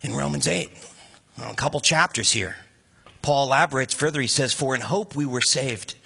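Bright, husky-voiced preacher man. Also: mid-range voice, moderate pace. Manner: conversational, animated preaching with rhetorical questions. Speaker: pastor. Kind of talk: sermon.

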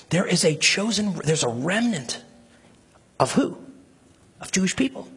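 A man's voice: big pitch swings, a little slow, pauses often, fairly bright tone, breathy edge. A man preaching a sermon as a pastor, speaking with passion and rising emphasis. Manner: impassioned, rising to emphatic high pitch when stirred.

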